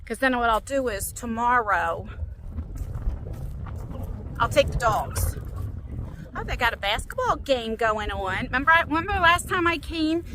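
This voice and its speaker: A woman in her forties chatting casually to her phone while walking around a lake park, rambling and animated as she tells stories. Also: fairly high pitch, a little hiss or hum, rough recording. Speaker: vlogger.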